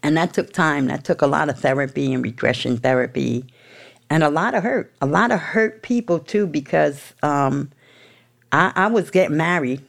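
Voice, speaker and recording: A woman's voice: low voice, moderate pace, creaky. A woman with a New York accent telling her recovery story candidly, in a blunt, profane, street-tough way. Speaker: speaker sharing a recovery story.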